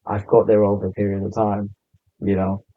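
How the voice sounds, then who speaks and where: A man chatting as a podcast guest in a laid-back, low-key way. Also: monotone, brisk, no room sound. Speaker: podcast guest, content creator. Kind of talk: casual podcast chat. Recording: slightly muffled lo-fi sound.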